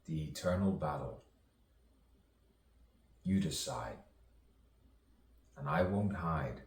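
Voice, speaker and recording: A man with a remarkably low voice recites a rambling spoken-word soliloquy, letting phrases repeat in slow rhythmic loops. He sits well back from the mic in a roomy, echoing space, with a faint hiss of background noise. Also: expressive, darkish tone, far from the mic. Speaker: poet.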